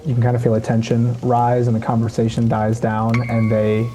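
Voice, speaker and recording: A man acting as game master who narrates a tabletop role-playing game in a relaxed way, with fillers. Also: medium pitch, normal speed, poor audio.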